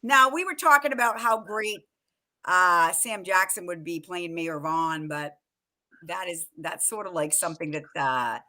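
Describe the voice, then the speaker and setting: Co-host, woman, bright tone, lively fan chat full of quoted lines. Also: lowish voice, a little slow. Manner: animated, quotes movie lines and laughs often. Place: live online show.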